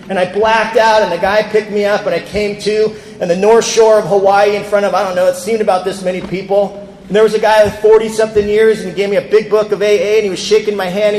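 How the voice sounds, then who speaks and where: A man's voice: sits high, darkish tone, a little hiss or hum. A man from California telling his recovery story to a convention audience, candid, with quoted voices acted out. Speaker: recovery speaker. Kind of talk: personal recovery talk at a convention. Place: large convention hall. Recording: echoey hall with long reverb.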